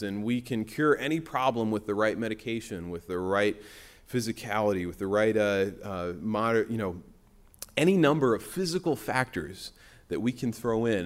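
A man's voice: fairly low pitch, lively intonation, moderate pace. A man preaching a sermon in a church, in a conversational way with frequent restarts. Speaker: pastor.

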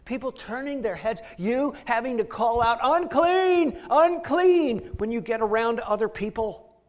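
This sermon comes from a middle-aged man with a very high-pitched, steady voice at a moderate pace. He brings his story to life, often repeating words and performing different voices.

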